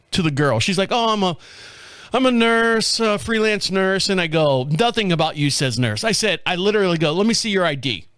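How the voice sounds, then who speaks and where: A man's voice: high voice, a bit bright, no room sound. A man hosting a podcast, telling a story casually, acting out the other people's voices, swearing freely and laughing often. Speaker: podcast host.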